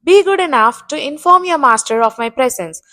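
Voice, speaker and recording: A woman's voice: high-pitched, lively intonation, moderate pace, bright, forceful tone. A woman doing a cunning old crow minister. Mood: scheming. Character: old wise scheming male crow minister.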